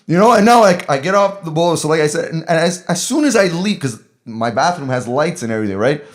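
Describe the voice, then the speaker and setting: A man's voice: fairly high pitch, quick pace. A man on a podcast telling rambling stories in casual chat, swearing and laughing as he goes. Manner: animated, swearing, laughing storyteller. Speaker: podcast co-host.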